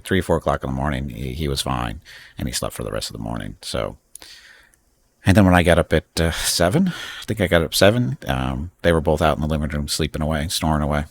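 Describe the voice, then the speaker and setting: A man hosting a casual live stream from home, rambling and chatting with frequent laughs. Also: extremely low pitch. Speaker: streamer host.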